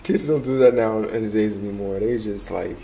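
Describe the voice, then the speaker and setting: A man's voice: fairly low pitch, fairly even intonation, moderate pace, gravelly, warm tone, slight background noise. A young man, chatting casually to camera in a rambling, nostalgic way and laughing often. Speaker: vlogger.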